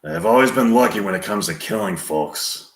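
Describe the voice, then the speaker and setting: A man doing an impression of a weary, hard old gunslinger who talks quietly with a drawl. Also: fairly low pitch, lively intonation, moderate pace, close to an everyday voice. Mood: grim. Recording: roomy echo, a bit off mic.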